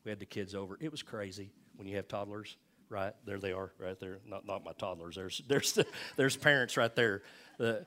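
A man's voice: on the low side, normal speed, bright, forceful tone. Older male pastor preaching, folksy. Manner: conversational preaching, folksy asides and repeated emphasis. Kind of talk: sermon.

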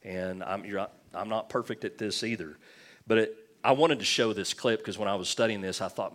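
Low-voiced pastor preaching casually. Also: male voice, moderate pace. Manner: conversational and joking, with frequent restarts. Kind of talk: sermon.

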